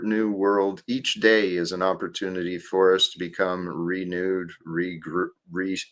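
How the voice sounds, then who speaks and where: Slow-spoken low-voiced man hosting a stream. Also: a bit bright. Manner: slow and reflective, with restarts. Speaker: livestream host. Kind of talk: casual faith talk on a livestream.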